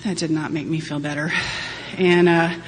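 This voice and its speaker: A woman's voice: low-pitched, flat delivery, normal speed. A woman in her forties giving a candid, humorous personal testimony to a meeting audience, often laughing as she talks. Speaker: speaker sharing at a recovery-group meeting. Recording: long hall reverb, faint hum.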